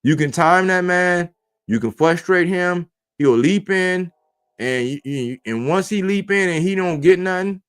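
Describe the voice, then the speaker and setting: A man's voice: fairly high pitch, a bit bright. A man hosting a boxing livestream, talking in a casual, profane way full of street slang. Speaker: boxing podcast host.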